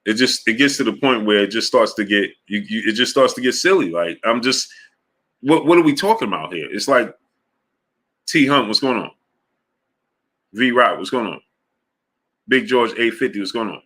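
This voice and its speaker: Bright-voiced male live stream host. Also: animated, moderate pace, pauses often. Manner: exasperated, repetitive, voice jumps high when arguing; drops low and quiet when giving up. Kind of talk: live stream chat with viewers.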